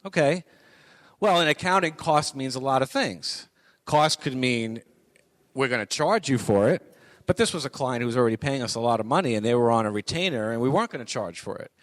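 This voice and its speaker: A man's voice: mid-range voice, animated, brisk, no echo. A middle-aged man giving a conversational lecture to college students, repeating his points for emphasis. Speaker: guest speaker on business writing.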